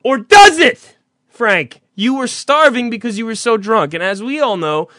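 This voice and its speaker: A man hosting a podcast, teasing his cohost with profane, rambling stories and loud impressions. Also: high-pitched, animated, moderate pace, no echo, clean studio sound. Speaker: podcast host. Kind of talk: casual profane banter.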